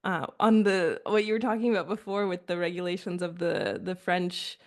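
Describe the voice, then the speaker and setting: A woman's voice: on the low side, normal speed. A woman in casual podcast conversation, a chatty storyteller who acts out what others said. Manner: chatty storyteller, quotes people in animated asides. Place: rural France.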